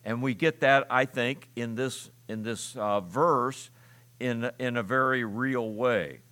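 A man in the pulpit, preaching a sermon with the easy, talky rhythm of a teacher explaining a text. His voice sits at an ordinary middle pitch, and he leans on filler words and small restarts as he works through his points. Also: fairly even intonation, slow pace, pushed and bright. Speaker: pastor.

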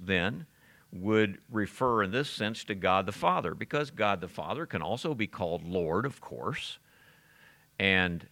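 A man's voice: medium pitch, sharp tone. A man teaching the Bible verse by verse, talking conversationally and asking his listeners questions as he goes. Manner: conversational, with frequent restarts and audience questions.

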